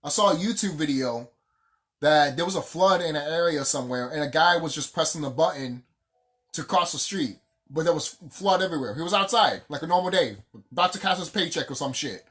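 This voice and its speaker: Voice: mid-range voice, brisk, a bit bright. A vlogger ranting off the cuff, heated and profane, repeating phrases for emphasis. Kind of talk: casual unscripted rant.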